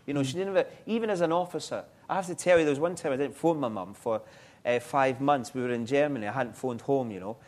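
A middle-aged man, telling his life story in an interview, halting and reflective with frequent restarts. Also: mid-range voice. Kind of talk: personal testimony in an interview.

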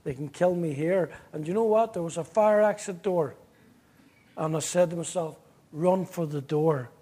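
A man's voice: a little high, normal speed, warm tone. A man with a Northern Irish accent giving an earnest personal testimony, telling his story vividly and acting out the dialogue. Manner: earnest, at times emotional.

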